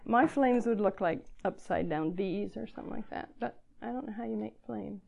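Older woman over sixty, earnest homespun preacher with a gravelly voice and a mellow tone. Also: medium pitch, normal speed. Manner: earnest, self-deprecating, emotional at times. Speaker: speaker addressing girls at church gathering. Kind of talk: sermon.

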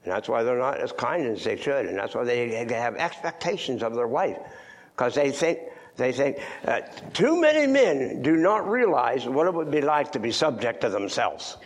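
An older man preaching in a church, moving between loud emphatic lines and hushed near-whispers. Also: mid-range voice, big pitch swings, moderate pace. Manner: old-fashioned scripture reading, repeats words for stress. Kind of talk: sermon.

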